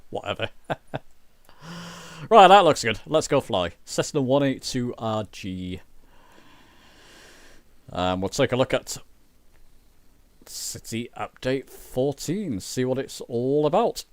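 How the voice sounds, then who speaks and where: A man's voice: medium pitch, very animated, slow pace, pauses often, no echo. A man chatting loosely during a flight sim livestream, rambling and poking fun at himself. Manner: chatty, rambling, self-mocking. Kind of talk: casual livestream chat.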